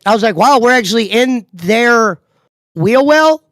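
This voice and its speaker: A man co-hosting a casual livestream chat, steady and explanatory. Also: very high voice, measured pace, no room sound. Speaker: co-host.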